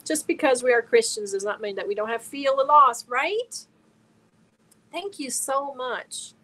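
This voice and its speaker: A woman's voice: sits high, a little slow, sharp tone, low-quality recording. A woman from Germany hosting a casual crochet livestream, talking earnestly and emotionally while reading viewer comments aloud. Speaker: crochet channel host.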